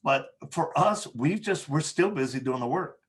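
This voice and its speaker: A man, a podcast guest, telling candid stories in conversation, with frequent pauses and restarts. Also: fairly high pitch, animated. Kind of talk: storytelling in conversation.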